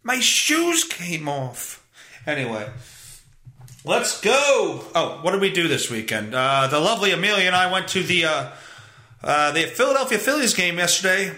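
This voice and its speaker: A man's voice: sits high, very animated, normal speed, sharp tone. A man hosting his own podcast, rambling through a sarcastic, profane comedic monologue. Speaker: podcast host. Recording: roomy echo.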